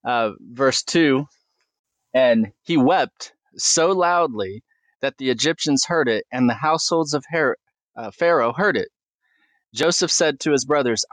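A man's voice: mid-range voice, animated, a little slow, a bit bright, no room sound. A man preaching a sermon, earnestly asking questions and reading scripture aloud with small stumbles.

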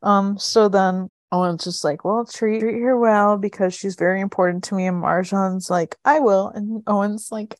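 A woman's voice: medium pitch, normal speed, few pauses, no echo, clean studio sound. A woman co-hosting a casual chat, retelling a TV episode with lots of fillers and quoted lines. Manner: chatty, quotes characters in animated retellings, many fillers. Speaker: podcast co-host.

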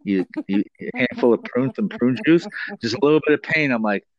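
A man's voice: mid-range voice, expressive, brisk, lo-fi sound. A man in casual chat, telling a rambling story with swearing and teasing his co-host.

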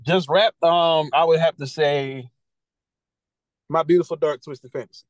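A young man from talks in a loose, rambling way, leaning on fillers as he co-hosts a casual chat show. His voice sits a little higher than most men's. The sound is dry and close, with no room around it. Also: steady tone, measured pace, no room sound, low-quality recording. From Maryland, USA. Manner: laid-back, rambling, lots of "like" and "bro". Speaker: podcast co-host.

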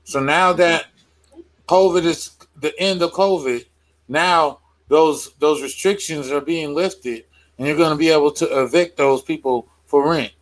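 A man's voice: a little high, a little slow, rough recording. A man co-hosting a casual talk show, patiently explaining a news story step by step. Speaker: podcast co-host. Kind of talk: casual chat.

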